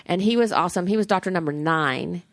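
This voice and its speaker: A woman co-hosting a podcast in casual chat, gushing and animated, swearing freely. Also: fairly low pitch, quick pace, no echo. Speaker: podcast co-host.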